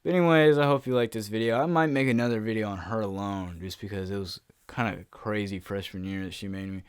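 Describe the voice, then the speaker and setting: A young man telling a casual, profanity-laced storytime vlog, animated and laughing as he goes. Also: on the low side, quick pace, clean tone, no echo. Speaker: YouTuber.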